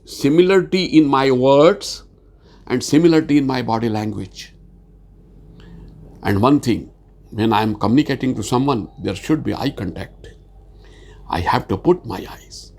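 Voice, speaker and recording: Trainer, male, gravelly voice, earnest halting delivery with frequent fillers. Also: medium pitch, a little mellow. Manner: halting, repeats words, earnest; speaks slowly with many fillers. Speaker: sales communication trainer. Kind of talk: informal spoken lecture.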